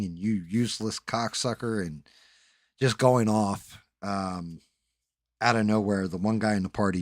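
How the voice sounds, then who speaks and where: Low voice, man, livestream host, casual profane storytelling, dry close sound. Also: dry recording. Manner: rambling, profane, laid-back.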